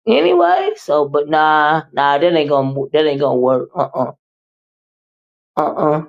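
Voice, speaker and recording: A woman hosting a livestream, reading viewer comments and chatting with them in an animated, teasing way. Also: low-pitched, measured pace, highs cut off. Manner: animated, teasing, with repeated "uh-uh" and laughter. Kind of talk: casual chat with viewers.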